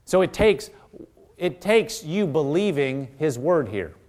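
A man's voice: a little high, big pitch swings, takes it slowly, darkish tone. A man preaching a sermon, earnest and exhorting, often repeating phrases and restarting his sentences.

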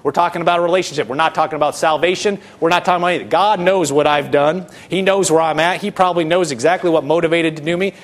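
A middle-aged pastor with a high voice preaches in an easy, conversational way. He is earnest, poses rhetorical questions to his listeners, and often restarts his sentences. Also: fairly even intonation, fast talker, hardly any pauses. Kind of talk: conversational sermon.

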